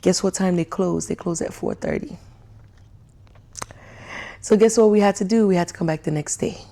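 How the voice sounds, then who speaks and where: Gravelly-voiced woman ranting casually. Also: on the low side, normal speed. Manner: animated, laughs often, acts out quoted dialogue. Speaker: vlogger. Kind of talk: casual storytelling rant.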